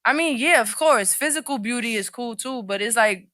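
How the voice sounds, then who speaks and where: A woman's voice: fairly high pitch, normal speed, bright, forceful tone. A woman chatting as a podcast guest on a panel, in loose street slang, candid and rambling. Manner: rambling, restarts often. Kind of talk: casual panel chat.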